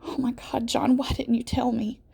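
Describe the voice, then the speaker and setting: A woman's voice: fairly low pitch, steady tone, unhurried, creaky, dark tone. A woman reading aloud and voicing a distraught mother who pleads with her injured teenage son. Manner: pleading, rising to near-wails.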